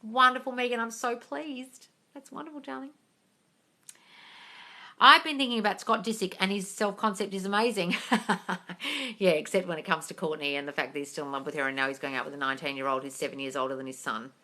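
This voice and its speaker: A young adult woman runs a casual live Q&A stream, blunt and sweary, calling viewers "darling." Her low voice moves fast, and she's animated, breaking into loud excited bursts.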